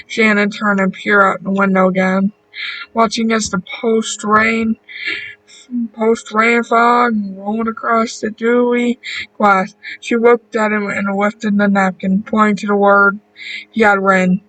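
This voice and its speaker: A man narrates a horror story at an unhurried, careful pace, sometimes going back over a word. His voice is high and bright. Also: little pitch movement, distant mic, poor audio. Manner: slow, deliberate reading with small restarts.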